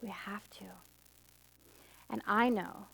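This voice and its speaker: A middle-aged woman minister giving a conversational sermon, moving from emphatic high points to soft, intimate asides. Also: steady tone, takes it slowly, vocal fry, husky. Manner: conversational storytelling, swinging from emphatic highs to soft intimate lows.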